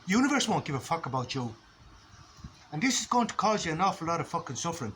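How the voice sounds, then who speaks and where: A man's voice: fairly high pitch, sing-song, quick pace, a bit bright, a little hiss or hum, rough recording. An Irish man giving a blunt, rambling philosophical monologue, swearing freely as a vlogger.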